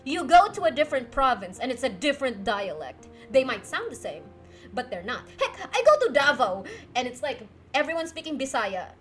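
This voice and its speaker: A young woman, casually telling a story on her livestream and answering chat, laughing often as she talks. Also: high voice. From Philippines. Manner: giggly, lively, laughs often mid-sentence. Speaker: streamer.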